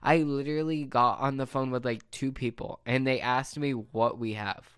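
A man's voice: mid-range voice, steady tone, normal speed, fairly bright tone, smooth, no room sound, clean studio sound. A man working the phones at a pizza shop, ranting sarcastically about customers in a casual, rambling monologue. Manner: exasperated, sarcastic, rambling with restarts.

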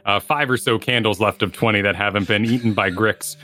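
A man's voice: on the low side, a little fast, sharp tone, soft background music. A man narrating a tabletop game as game master, with vivid descriptive detail.

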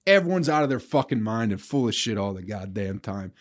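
A man's voice: on the low side, a little fast, hardly any pauses. Profane, ranting male podcast host. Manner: profane, rambling, sardonic. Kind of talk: solo podcast rant.

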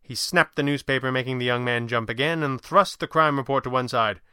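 Bright, clear-voiced male narrator. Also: mid-range voice, no echo, clean studio sound. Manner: even, measured storytelling. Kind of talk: audiobook narration.

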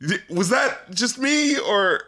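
A man's voice: extremely high pitch, lively intonation, slow, a crowd in the background. A man co-hosting a podcast, chatting casually about an album, laughing often and dropping into mocking quotes. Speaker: podcast co-host. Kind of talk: casual album-review chat.

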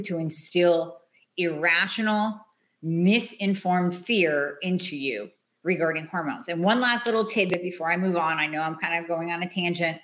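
A woman hosting a health podcast, speaking bluntly and emphatically, with casual swearing and long rapid lists. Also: medium pitch, fairly bright tone. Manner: runs quickly through long lists. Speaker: hormone health practitioner and podcast host. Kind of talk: solo podcast monologue giving health advice.

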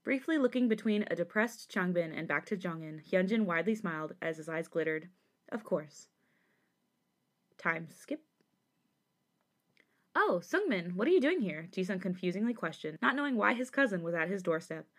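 A woman podcast host reading a fan fiction story aloud, lively and quick to laugh between passages. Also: on the low side.

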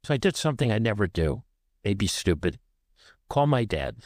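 In short, vivid sentences told in the present tense, a Southwestern American author shares a painful personal story as an interview-show guest. He speaks on the low side, sing-song and a little mellow, at normal speed. The studio audio is clean with no echo.

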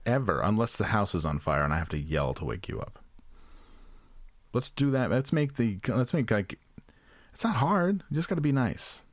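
A man's voice: mid-range voice, big pitch swings, normal speed, no room sound. A man co-hosting a casual comedic chat, rambling and profane as he tells jokey stories. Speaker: podcast co-host.

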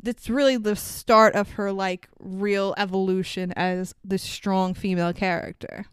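A woman's voice: medium pitch, little pitch movement, measured pace, clear, resonant tone, no room sound, studio quality. A woman co-hosting a podcast, recapping a movie in casual chat, swearing freely and laughing often. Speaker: podcast co-host.

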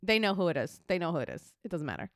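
A woman's voice: fairly low pitch, rapid-fire, dry recording, studio quality. A woman in her thirties with a New York accent, co-hosting a podcast in casual chat and telling stories with lots of laughter. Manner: animated, laughing storyteller. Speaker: podcast co-host.

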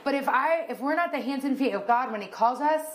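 A woman's voice: high-pitched, lively intonation, fairly quick. Chatty woman co-hosting a podcast. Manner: chatty storyteller who acts out quotes. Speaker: podcast co-host. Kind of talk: casual chat.

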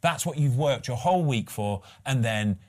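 A man's voice: mid-range voice, expressive, normal speed, darkish tone. Chatty man hosting football talk. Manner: chatty, emphatic, says "mate" and "lads". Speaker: host. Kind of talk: casual football chat.

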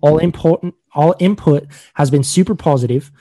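Brief: man doing a rough mock Australian read, a touch high, halting delivery. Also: mellow, no room sound, close to an everyday voice. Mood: earnest. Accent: Australian, put on. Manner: halting, stumbling over words. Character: man reading a statement in a mock Australian accent.

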